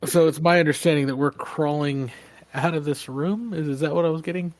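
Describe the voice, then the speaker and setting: A man's voice: on the high side, a little fast, no room sound. A man playing a tabletop game, hesitant and checking what he heard. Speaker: player.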